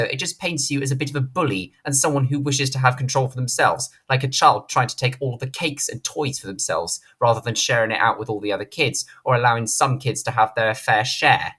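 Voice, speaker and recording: A man's voice: lowish voice, bright, forceful tone. A man hosting a commentary channel, giving a blunt, indignant opinion monologue and swearing freely. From Britain. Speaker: channel host, film commentator.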